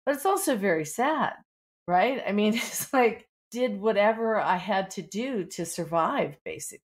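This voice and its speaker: A woman's voice: mid-range voice, lively intonation, normal speed. A middle-aged woman with a Pittsburgh accent, an author talking candidly in a podcast interview, full of "you know" fillers. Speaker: author guest.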